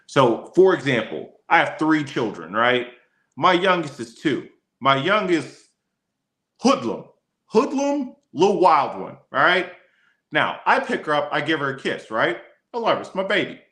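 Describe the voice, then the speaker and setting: This man has a bright, forceful voice and talks through legal rules in a loose, conversational way. He teaches like an attorney chatting with a friend. The sound carries a noticeable room echo. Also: fairly high pitch, very animated, measured pace. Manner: casual, chatty, addresses his co-host by name often. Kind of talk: casual livestream law lesson.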